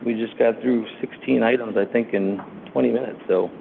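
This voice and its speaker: A man on city staff giving a formal presentation to a council committee, steady, with frequent ums and uhs. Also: mid-range voice, fairly quick, vocal fry, slight background noise. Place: council meeting room. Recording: tinny lo-fi meeting audio.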